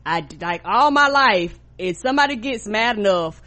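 A woman from the South, co-hosting a podcast in casual chat and acting out quotes with big pitch jumps. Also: animated, moderate pace, bright, forceful tone. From American South. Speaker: podcast co-host.

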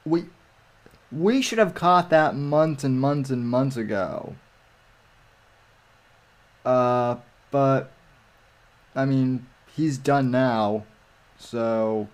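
A man chatting casually on a livestream, rambling with frequent restarts and halting phrases. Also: medium pitch, a little mellow. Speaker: livestream guest. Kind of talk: casual chat.

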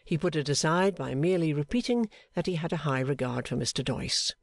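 A man reading a classic novel aloud in a measured, expressive way. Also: on the high side, gravelly, dry recording, studio quality. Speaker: audiobook narrator. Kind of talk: scripted narration of a classic novel.

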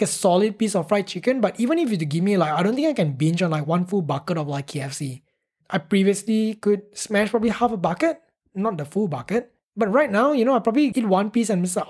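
A woman's voice: lowish voice, darkish tone, slightly rough. A young woman, hosting a casual solo podcast, talking candidly and rambling, full of fillers and the odd curse. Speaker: podcast host.

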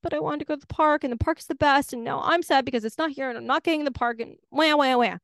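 A woman voicing a pet dog who squeals with excitement and whines when disappointed. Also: high-pitched, quick pace, vocal fry, no echo, pitched above the performer's own voice. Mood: sulky whining. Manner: squealing, then whiny. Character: overexcited pet dog, easily upset.

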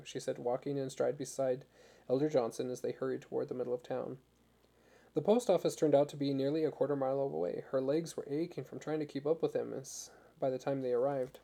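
A man narrating a story as an audiobook in a measured, even way. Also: medium pitch, gravelly.

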